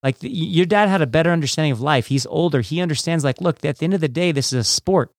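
A man's voice: a little high, fast, dry recording, studio quality. A man, a former judo athlete, hosting an interview in a casual way with many fillers. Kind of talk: podcast interview.

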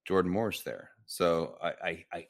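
Very deep-voiced joking man. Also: lively intonation, vocal fry. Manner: jokey, quick quips. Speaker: podcast co-host. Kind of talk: casual chat.

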